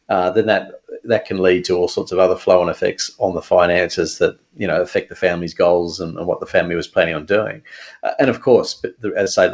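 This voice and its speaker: Low gravelly man on a dull line. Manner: earnest explainer with frequent fillers and restarts. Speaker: financial advisor guest. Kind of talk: radio interview.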